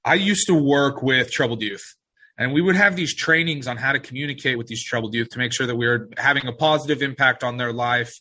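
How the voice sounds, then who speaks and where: A man's voice: medium pitch, brisk, bright, forceful tone. A man hosting a casual podcast conversation, talking in an earnest, agreeable way and often restarting his phrases. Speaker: podcast host.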